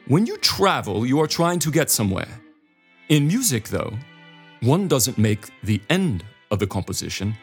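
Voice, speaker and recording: Man doing an animated English-accented philosopher. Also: slightly rough, full character voice. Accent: English, put on. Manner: lilting, animated lecturing with sweeping pitch leaps. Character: playful older English male philosopher lecturing. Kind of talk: reciting a lecture in an imitation voice.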